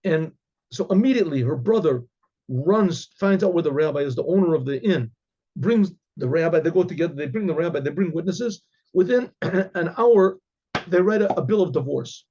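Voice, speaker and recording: Man, rabbi, halting storyteller, clears throat often, husky voice, dull lo-fi recording. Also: on the high side, expressive, warm tone. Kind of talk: oral storytelling.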